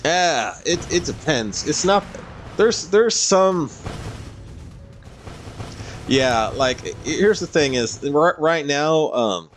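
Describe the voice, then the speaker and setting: A man's voice: on the high side, lively intonation, slow, pauses often, soft background music. A man streaming a game and casually chatting through viewer comments in a rambling way. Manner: rambling, with frequent fillers and laughs. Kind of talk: casual livestream chat, reading viewer comments.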